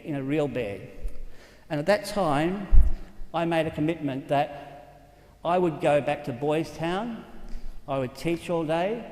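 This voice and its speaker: Australian priest telling stories in an echoey hall. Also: male voice, fairly high pitch, a little mellow. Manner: earnest, conversational storyteller. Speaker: Catholic priest. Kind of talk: storytelling talk.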